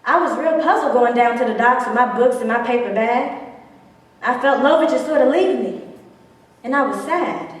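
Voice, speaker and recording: Actress doing a spirited lady telling her girlhood story, high voice, hushed then bold, far off in an echoey hall. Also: normal speed, natural voice. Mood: wistful. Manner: vivid storytelling, swinging between hushed and bold. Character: spirited woman recalling her defiant girlhood. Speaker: stage actress. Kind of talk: theatrical monologue.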